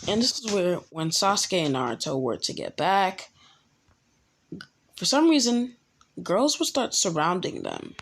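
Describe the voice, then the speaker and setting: A young woman casually telling a fan-made story, halting often with ums and restarts. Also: medium pitch, wildly swooping pitch.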